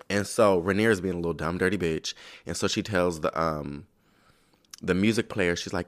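A man with a somewhat low voice talks through a TV episode in a loose solo podcast. He swears freely, leans on slang and keeps slipping into mock quotes of the characters. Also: a little fast. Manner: profane, slangy, animated storytelling with mock quotes. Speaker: podcast host recapping a TV episode. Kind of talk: casual solo recap.

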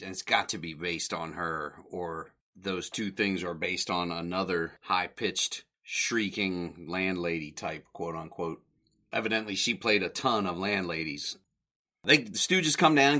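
Chuckling man with a low, bright voice. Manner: rambling, chuckles often, self-corrects. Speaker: podcast host. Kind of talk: casual retelling of an old comedy short.

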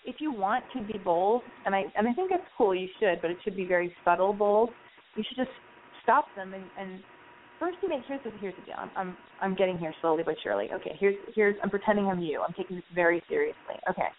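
A woman's voice: mid-range voice, fast talker. A woman hosting a casual advice chat, talking loosely and acting out little scenes. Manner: chatty, acts out scenes with quoted voices. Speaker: advice show host. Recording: tinny phone-like sound with faint noise.

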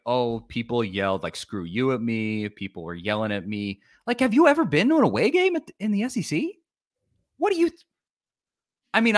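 Animated, bright-voiced male podcast ranter. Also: on the high side. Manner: animated, ranting, mocks rival fans in whiny voices. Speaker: podcast co-host. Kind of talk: sports podcast banter.

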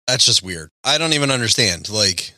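A man's voice: on the low side, expressive, normal speed, bright, forceful tone, no room sound, clean studio sound. A man co-hosting a casual comedy chat, laughing often and rambling with exasperated swearing. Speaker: podcast co-host.

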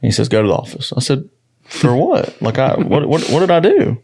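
A man's voice: medium pitch, fairly quick, vocal fry, husky. A man hosting a podcast, telling stories in casual chat and swearing freely. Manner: animated storyteller, swears freely. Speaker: podcast host.

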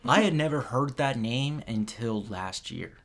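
A podcast co-host chatting casually, retelling plots in a relaxed, rambling way. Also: medium pitch, measured pace. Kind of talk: casual chat.

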